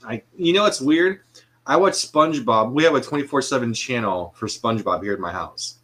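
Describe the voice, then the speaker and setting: A man's voice: medium pitch, lively intonation, fairly quick, a bit bright. A man co-hosting a podcast, chatting casually and asking questions. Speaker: podcast co-host. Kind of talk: casual chat.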